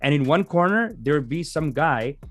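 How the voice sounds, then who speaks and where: A man's voice: fairly high pitch, animated, normal speed, faint music behind. A man hosting a livestream, giving casual, rambling commentary and laughing often. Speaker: livestream host.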